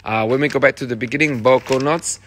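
A man's voice: mid-range voice, steady tone, quick pace, fairly bright tone, slight background noise. A theatre director, a man, reading rehearsal notes to his cast, encouraging and fond of repeating phrases.

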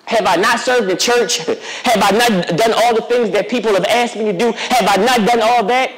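Over a noisy crowd, a youth pastor preaches a conversational sermon in a church sanctuary, addressing the congregation directly and sometimes acting out the voices of Bible figures. His voice sits high and keeps a moderate pace. The long reverb of the sanctuary colors the recording.

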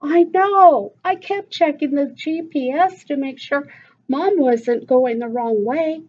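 A woman's voice: high-pitched, takes it slowly, a little mellow, pitched above the performer's own voice. An eager young girl chattering to her cousin, as a woman voices her reading a storybook aloud. Her voice is lifted well above the reader's own. The sound is lo-fi.

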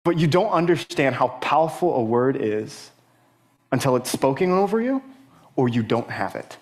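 A young man speaking in church, giving a personal testimony sermon in a halting way with many fillers and restarts. He climbs higher and grows more emphatic as he gets stirred. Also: lively intonation, a little mellow.

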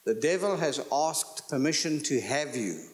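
Slow, deliberate male preacher. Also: fairly high pitch, lively intonation. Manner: slow, emphatic teaching, asks the audience questions. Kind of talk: sermon.

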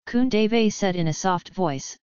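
A woman narrating an audiobook in an even, steady reading style. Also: medium pitch, measured pace, clean tone, no room sound. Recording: slightly dull lo-fi audio.

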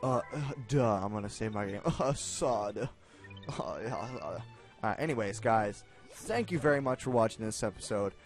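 A young man commenting on his own gameplay, excitable, self-mocking, and given to shouting at the game. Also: on the low side, normal speed, faint music behind. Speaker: gaming video host. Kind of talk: let's play commentary.

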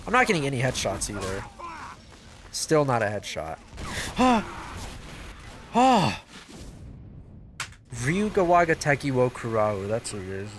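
A man giving casual, excitable gameplay commentary as a video host, swearing and joking to himself. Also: medium pitch, moderate pace, pauses often, a little hiss or hum. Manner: excitable, yells and swears at the game; jokey self-talk.

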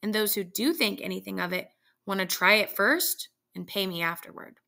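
Read aloud by a woman, a grave old soldier issues a warning with slow, stubborn solemnity. The voice sits at medium pitch and is heavily gravelly, yet bright and forceful.

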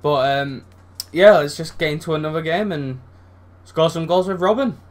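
A young man commentating his own football video game matches, excitable and rambling, swearing freely and shouting at big moments. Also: fairly high pitch, normal speed. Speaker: gaming channel host. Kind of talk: live gameplay commentary.

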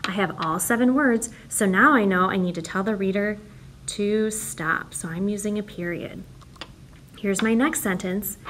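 A young woman teacher giving a recorded writing lesson to young children, speaking clearly with big, exaggerated emphasis. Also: medium pitch, unhurried, a bit bright, a little hiss or hum.

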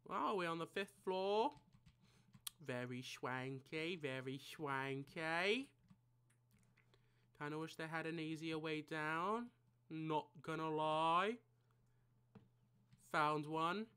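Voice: medium pitch, takes it slowly, bright, forceful tone, smooth. A gaming channel creator giving casual gameplay commentary, mumbling and thinking aloud to themself at a desk mic.

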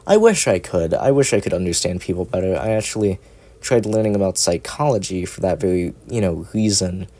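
A man's voice: sits low, expressive, fairly quick, warm tone. A young man chatting casually at home into a cheap microphone, rambling, swearing and making self-mocking jokes. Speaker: ASMR content creator.

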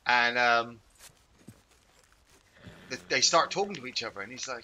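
A man's voice: mid-range voice, a little slow, long pauses, sharp tone, slight background noise. A man chatting casually while playing a video game, rambling, swearing, and breaking off his own sentences. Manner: rambling, swearing, self-interrupting. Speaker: game streamer. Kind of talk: casual gameplay commentary.

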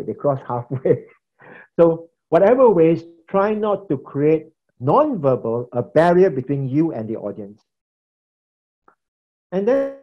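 A man's voice: fairly high pitch, lo-fi sound. A man teaching a lesson on preaching from his laptop, in a loose conversational way that repeats phrases as he gestures. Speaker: preaching instructor. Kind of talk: recorded lecture on preaching. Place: indoors at a laptop.

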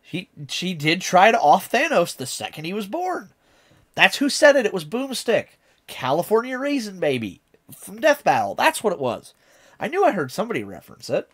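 Male streamer, fairly high voice, bouncy lively intonation, chatty reaction commentary. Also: moderate pace. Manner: chatty, enthusiastic, explains lyrics.

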